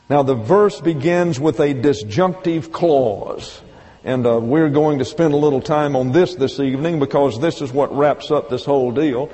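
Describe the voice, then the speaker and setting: A male Bible teacher works through his point step by step, slowing to stress each quoted phrase. His voice sits a little high but sounds mellow and dark. A long reverb from the hall trails behind him. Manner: methodical, step-by-step explaining, slow emphatic quoting. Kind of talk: evening Bible lesson.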